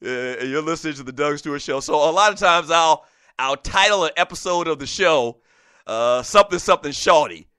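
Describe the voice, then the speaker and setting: A man from the South Carolina Lowcountry, hosting a sports talk show in an animated, rambling monologue full of fillers. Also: fairly quick, smooth, no echo, studio quality. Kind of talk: solo radio talk monologue.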